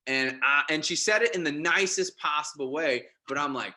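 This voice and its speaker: Male guest, forceful bright tone, animated, stumbles and restarts, casual story. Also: on the high side, normal speed, hardly any pauses. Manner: animated, with frequent restarts and repeated words. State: married father. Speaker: podcast guest.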